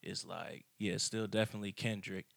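A man's voice: lowish voice, steady tone, brisk, gravelly, fairly bright tone, no echo. A young man, a guest on a podcast, talking casually with slang and swearing, thinking aloud as he goes. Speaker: guest rapper. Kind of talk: casual chat.

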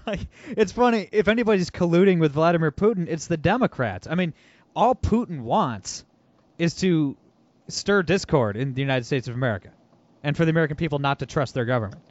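A man hosts a political podcast in a fairly high, animated voice, quick to mock and laugh. The audio sounds dull and lo-fi. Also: dry recording. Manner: animated, mocking, laughs often. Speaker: podcast host. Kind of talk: casual political podcast chat.

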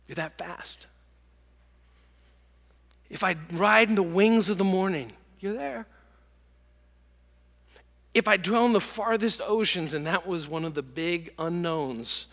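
A man preaching a sermon and telling stories, dropping to hushed whispers and rising to loud bursts. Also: on the high side, slow pace, long pauses, long reverb tail. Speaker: pastor.

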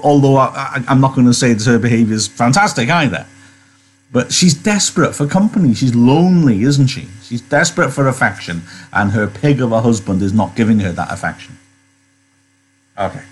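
A man's voice: mid-range voice, breathy edge. A man teaching, reading a novel aloud and chatting about it with rhetorical questions.

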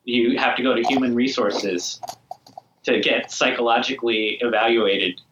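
Deadpan man in an echoey room. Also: medium pitch, normal speed, background noise. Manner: deadpan, mock-corporate jokes. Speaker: podcast co-host. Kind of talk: casual podcast chat. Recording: roomy, dull-sounding audio.

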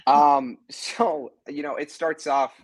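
On a podcast, a male co-host casually summarizes a TV episode's plot, rambling with plenty of fillers and restarts. His voice is on the high side with a steady tone, he speaks slowly, and there's no echo.

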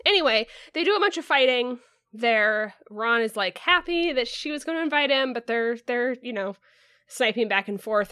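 This is a woman hosting a podcast, recapping a chapter in a loose, rambling way. She leans on "um" and "like" as she goes. Her voice sits a little high and sounds dry and close. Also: fairly bright tone, no echo. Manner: rambling, filler-heavy, lots of "like" and "um". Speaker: podcast host.

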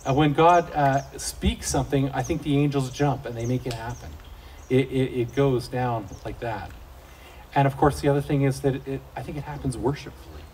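A man's voice: mid-range voice, normal speed, darkish tone. A middle-aged man giving a casual devotional talk to fathers, telling folksy, joking stories about family life. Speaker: Christian speaker for fathers. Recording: distant mic, faint outdoor noise.

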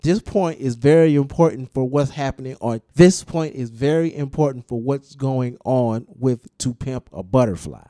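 Man explaining at length, mellow voice. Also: medium pitch, moderate pace, few pauses, no echo, studio quality. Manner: explains at length, with restarts and emphatic repetition. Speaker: podcast host discussing music. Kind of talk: casual podcast chat.

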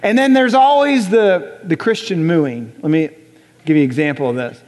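A young adult man preaching a sermon in a church, conversational and animated, often acting out voices. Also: fairly high pitch, moderate pace. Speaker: pastor. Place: church sanctuary. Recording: church hall reverb.

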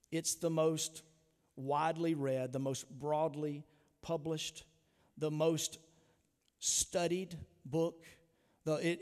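A pastor delivering an earnest, emphatic sermon full of rhetorical questions. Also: male voice, on the high side, long reverb tail. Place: church sanctuary.

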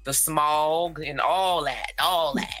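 A woman's voice: low voice, steady tone, slow pace, fairly bright tone, soft background music. A woman from Northern California co-hosting a podcast in casual chat, slangy and laid-back, laughing often. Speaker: podcast co-host.

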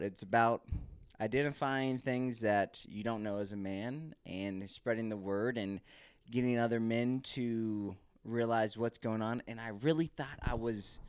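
A man's voice: medium pitch, clear, resonant tone, no room sound. A man hosting his own podcast, telling a candid, rambling story about home life in a casual monologue. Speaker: podcast host. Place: Texas, recorded live.

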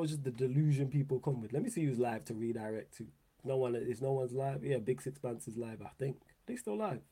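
A man's voice: fairly high pitch, no echo. Slangy young man hosting a stream. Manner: animated, laughing slang-heavy banter, repeats phrases. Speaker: podcast host. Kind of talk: casual live-stream chat.

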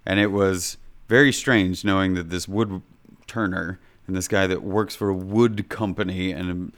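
A man's voice: sits low, fairly even intonation, unhurried. A man from Kansas, co-hosting a podcast and telling stories in a rambling, upbeat way. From Kansas, USA. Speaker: podcast co-host. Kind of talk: casual podcast chat.

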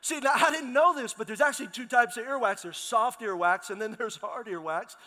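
A middle-aged pastor preaching with a bright, ringing tone and a fairly high voice. He tells lively stories and calls out to the congregation, his voice trailing into the long reverb of a big church hall. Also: a little fast. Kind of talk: sermon.

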